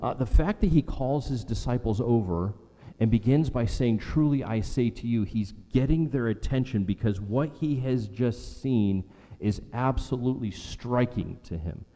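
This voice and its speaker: A man's voice: mid-range voice, moderate pace, mellow, in a large hall. A man preaching a sermon as pastor, emphatic, repeating phrases and asking rhetorical questions.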